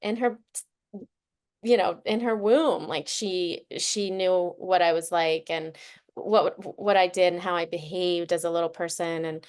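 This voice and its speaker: Woman, podcast guest, smooth resonant voice, earnest and heartfelt, conversational. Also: on the low side, fairly even intonation, measured pace. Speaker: guest, childhood trauma expert.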